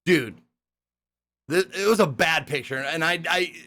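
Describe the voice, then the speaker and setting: A young man casually recapping a hosting gig, rambling and profane, acting out the people he quotes in excited voices. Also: fairly high pitch, a little slow.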